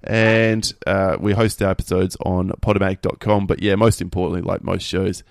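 Wry Australian man guest with a cold, low-pitched, dry close mic. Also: flat delivery, moderate pace, creaky, no echo. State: unwell with a cold. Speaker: podcast guest. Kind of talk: casual podcast chat.

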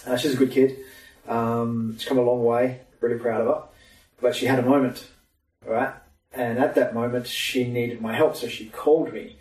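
A male podcast guest, a personal trainer and mentor, chats casually and tells stories in a laid-back way, laughing often. His mid-range voice is darkish and level at a normal speed, and the recording sounds roomy with the mic far away.

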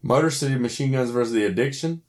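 A man's voice: medium pitch, quick pace, darkish tone. A man co-hosting a casual podcast chat, wry and profane, reading match lists aloud. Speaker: podcast co-host.

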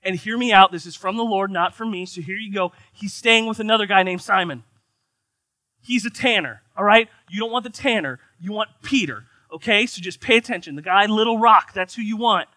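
A preacher putting on a chatty angel. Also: male voice, high-pitched, brisk, bright, forceful tone, no room sound. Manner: casual, over-explaining. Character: breezy, chatty male angel messenger. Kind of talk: sermon storytelling.

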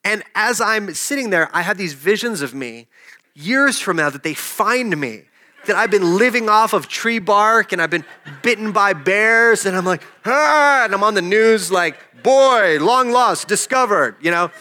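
Bright-voiced man preaching a sermon. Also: high voice, lively intonation, normal speed. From desert region. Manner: conversational, jokes with the congregation. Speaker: pastor. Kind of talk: sermon with personal story.

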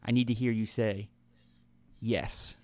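A man's voice: fairly low pitch, steady tone, slow, no room sound, voice pushed down. Roscoe, a sighing unsure adventurer, voiced by a man. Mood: earnest. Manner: quiet, sighing, earnest. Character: weary, unsure young male adventurer.

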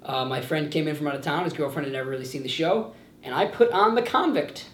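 Animated young man telling stories. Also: a little high, fast, a little hiss or hum. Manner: animated storyteller, acts out quotes with laughs. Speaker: podcast host. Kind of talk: casual chat. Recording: roomy echo.

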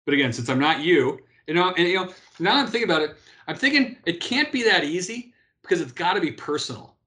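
A man's voice: on the high side, big pitch swings, fast, sharp tone. A man in his fifties, a guest in a casual interview, telling stories animatedly with frequent restarts and repeated words. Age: 50s. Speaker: interview guest, former pro athlete.

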